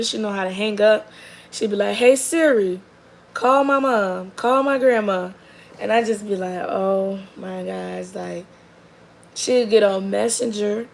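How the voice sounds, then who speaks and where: Gravelly young mom telling stories. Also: female voice, a little hiss or hum, low-quality recording. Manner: rambling and animated, with many likes and restarts; drops to a soft, low murmur for long stretches. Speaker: mother telling a story about her daughter. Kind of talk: casual storytelling to the camera.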